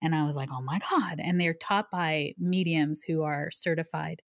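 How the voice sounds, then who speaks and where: On a podcast, a woman psychic medium speaks in a low voice at normal speed, earnestly recounting her story and explaining her ideas in conversation, with lively asides along the way. The recording is clean studio sound without echo.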